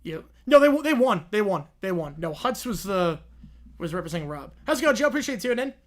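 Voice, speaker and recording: A man's voice: sits high, very animated, quick pace, a bit bright. Casual male streamer host. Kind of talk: casual stream reading a story aloud.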